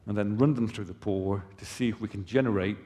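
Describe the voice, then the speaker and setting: On a conference hall stage, a male company presenter explains things conversationally, dropping casual asides to the audience. His voice is lowish and mellow, his pace fairly quick, and the recording carries a long hall reverb.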